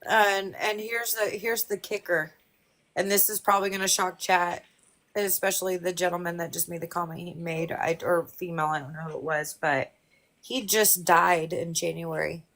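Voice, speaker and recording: A woman in her forties, speaking as a guest on a live stream, candid and emotional, talking haltingly. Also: fairly low pitch, steady tone, fairly bright tone. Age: 40s. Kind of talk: personal conversation.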